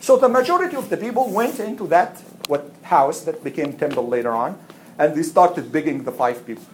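A woman casually telling a religious story to a child, animated, acting out voices and laughing often. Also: sits low, fairly quick, a little hiss or hum, low-quality recording.

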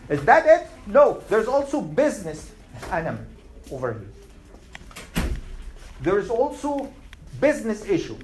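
A man's voice: high voice, sing-song, unhurried, pauses often, darkish tone, roomy sound, slight background noise, poor audio. A man teaching a class, asking questions and summarizing points in numbered lists. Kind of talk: classroom Q&A lesson.

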